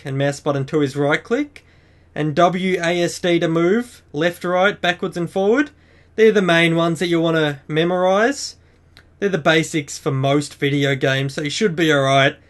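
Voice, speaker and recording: A man with a fairly high voice hosts a game tutorial. He chats casually and keeps an upbeat tone while walking the listener through each setting one step at a time. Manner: chatty, upbeat, explains step by step. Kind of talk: screen-recorded game walkthrough.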